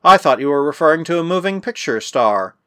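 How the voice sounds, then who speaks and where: A calm young inventor with a teasing, wry way of talking, as a man reads him aloud. His voice sits a little above the narrator's and moves with lively pitch. Close, dry recording. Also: fairly quick, no room sound.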